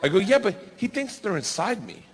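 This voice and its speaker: A man in his forties telling a stand-up story, animated and yelling his punchlines, on a stage mic. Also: high voice, brisk, heavy background noise. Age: 40s. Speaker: stand-up comedian. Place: large comedy venue. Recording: live stage mic with hall reverb and faint ambience.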